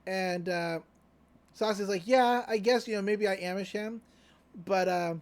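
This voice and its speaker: Speaking at a measured pace in a steady, clean, medium-pitched voice, this podcast co-host recaps an anime episode. The talk is laid-back and loose, sprinkled with fillers and quotes paraphrased on the fly.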